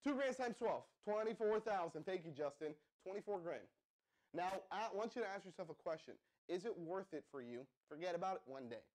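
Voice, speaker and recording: Casting note: young male live-stream host, energetic hype pitch, slightly higher voice, keeps firing questions at the chat. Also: a little fast. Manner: pumped-up, addresses viewers as guys, asks the chat to respond. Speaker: livestream host.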